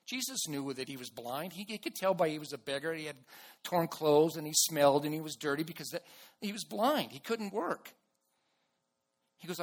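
A man preaching a sermon to his church in an earnest way, with restarts and bursts of loud emphasis. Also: on the high side, a little fast. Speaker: pastor.

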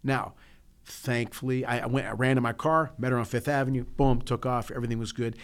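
A man's voice: mid-range voice, steady tone, fairly quick, clear, resonant tone. Rambling middle-aged man telling a story. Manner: rambling, storytelling with many restarts. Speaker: podcast co-host. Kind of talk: casual chat.

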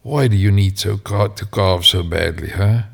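A man voicing a gruff, exasperated old village woodcarver who scolds a child. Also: fairly low pitch, normal speed. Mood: stern. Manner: shouting, scolding.

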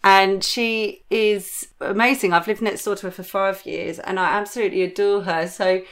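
A woman comedian, chatting casually and telling animated stories with frequent laughter. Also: mid-range voice, moderate pace. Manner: giggly, animated storyteller. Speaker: comedian guest. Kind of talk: casual chat.

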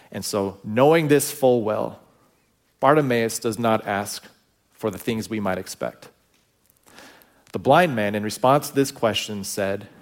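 A man preaching a sermon in a relaxed, storytelling voice that sits at a middle pitch. He talks to the congregation casually, with asides, and lets the ends of his phrases drop away quietly. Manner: storytelling with acted-out quotes, conversational asides. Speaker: pastor.

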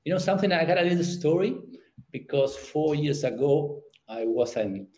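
A middle-aged man with a Spanish accent, a youth sports parenting coach who repeats words as he searches for his phrasing and grows animated when telling stories. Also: on the high side, normal speed, rough recording. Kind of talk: conversational interview.

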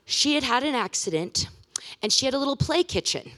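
A woman in her thirties from the Pacific Northwest, a guest speaker giving a sermon in a church, telling chatty personal stories with animated, self-deprecating humor. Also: high-pitched, a little fast. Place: church sanctuary.

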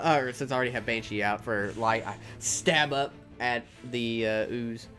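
Playful man with a lively voice. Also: medium pitch, moderate pace, few pauses, faint music behind. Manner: laughing, playful, swears casually. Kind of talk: casual chat as a tabletop player.

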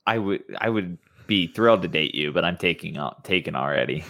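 A man's voice: low-pitched, expressive, fairly quick, a bit bright. A man co-hosting a casual podcast, teasing the others with dry sarcasm. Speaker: podcast co-host.

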